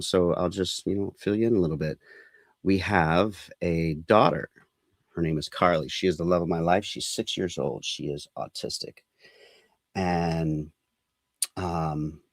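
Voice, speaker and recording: Deep-voiced man hosting a podcast. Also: no room sound, studio quality. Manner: rambling, earnest, many fillers. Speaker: podcast host. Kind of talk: casual podcast chat.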